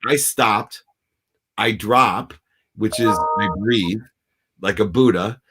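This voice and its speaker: Man, low voice, intense, preachy, storytelling, video call. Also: slow pace, background noise. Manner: intense, preachy, acts out shouting in quotes. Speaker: guest, business coach and speaker. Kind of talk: animated storytelling in a talk interview.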